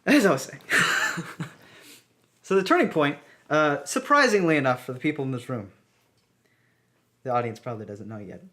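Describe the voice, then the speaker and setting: A man's voice: fairly high pitch, expressive, moderate pace, pauses often, bright, forceful tone. A young man from the southern United States, co-hosting a podcast in casual chat and telling self-deprecating stories with plenty of laughs. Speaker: podcast co-host.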